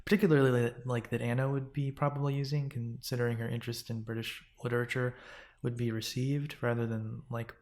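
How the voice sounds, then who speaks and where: A man's voice: mid-range voice, level tone, a little fast, darkish tone. A man co-hosting a book podcast, analytically picking apart the grammar and style. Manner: analytical, picky about grammar. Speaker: podcast co-host. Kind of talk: casual book-club chat.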